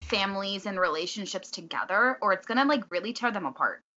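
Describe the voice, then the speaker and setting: A woman's voice: medium pitch, expressive, quick pace, bright, forceful tone, muffled recording. A woman guest on a podcast, chatting casually with lots of fillers and laughter. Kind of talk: casual chat.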